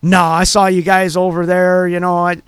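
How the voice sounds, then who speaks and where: A man with a high voice co-hosts a radio talk show and rambles through his stories, full of filler words. The sound is dry and close. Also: monotone, moderate pace, smooth, dry recording. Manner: rambling storyteller, many fillers. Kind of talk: casual chat.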